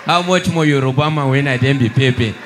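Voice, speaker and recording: A young Nigerian man doing stand-up comedy, mixing Pidgin and English and shouting his punchlines. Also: medium pitch, brisk, crowd noise, noisy background.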